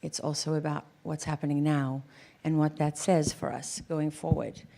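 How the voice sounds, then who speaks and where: Low, gravelly woman giving a tribute. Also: flat delivery, normal speed, noisy background. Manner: earnest and reflective, with frequent ums and uhs. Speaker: ceremony speaker honoring an award recipient. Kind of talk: tribute speech at an award ceremony.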